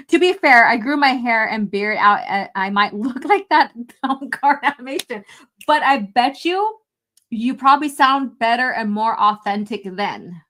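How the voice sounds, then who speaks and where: A woman's voice: a little high, lively intonation, unhurried, pushed and bright. A woman live-streaming a fan film review, talking casually, laughing and swearing often.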